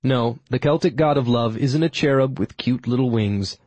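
A man's voice: medium pitch, normal speed, a little mellow, no echo. A man narrating a first-person audiobook in a dry, wry storytelling manner.

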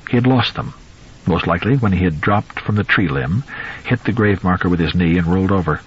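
A man narrating a novel in a measured, suspenseful storytelling voice. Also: low voice, breathy edge, highs cut off. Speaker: audiobook narrator.

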